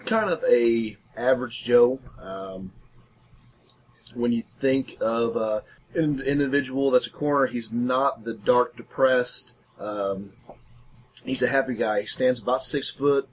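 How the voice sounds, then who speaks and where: A man's voice: mid-range voice, unhurried. A man playing in a tabletop game, casually describing his character with plenty of hesitation. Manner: relaxed, hesitant with fillers, laughs easily. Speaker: player. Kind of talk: casual chat. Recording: faint background noise.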